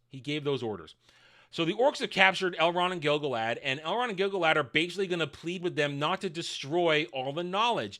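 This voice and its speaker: High, bright-voiced man ranting sarcastically. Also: brisk. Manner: sarcastic, mocking, repeats words when excited. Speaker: video reviewer. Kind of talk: ranting TV review commentary.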